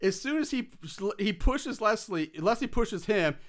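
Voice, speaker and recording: A man's voice: high-pitched, unhurried. A man casually recapping a film's plot on a podcast, acting out the characters' lines as he goes, with lots of "like". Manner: animated storytelling, acts out characters' lines, lots of "like". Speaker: podcast co-host recapping a film. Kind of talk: casual movie recap chat.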